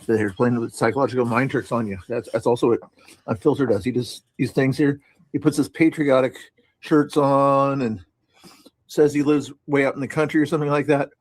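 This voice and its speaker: Man, mid pitch, rambling stream commentary, repeats words, dry sarcastic asides, dead-dry sound. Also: fairly even intonation, a little fast, a little mellow, no echo. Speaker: streamer reviewing his own stream. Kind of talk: casual commentary over stream playback.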